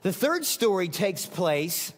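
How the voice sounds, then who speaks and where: A man preaching a sermon as pastor, retelling stories with swings between loud emphatic lines and soft hushed ones. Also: high-pitched, big pitch swings, takes it slowly, in a large hall.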